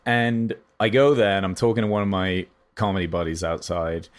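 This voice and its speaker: A man co-hosting a podcast, telling rambling, animated comedy stories in casual chat. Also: sits low, normal speed.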